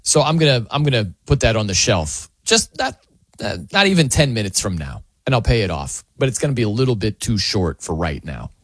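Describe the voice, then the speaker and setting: Animated, chatty sports radio host man. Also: on the low side, brisk, slightly rough, dry recording. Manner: animated, chatty, laughs often. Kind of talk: casual sports talk monologue.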